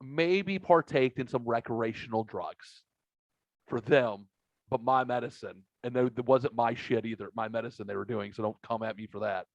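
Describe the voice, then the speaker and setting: A man's voice: mid-range voice, normal speed, vocal fry, no echo. A man hosting a podcast, telling a long, profane story in a rambling, casual way. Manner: rambling, profane, animated retelling. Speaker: podcast host. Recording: dry, dull lo-fi sound.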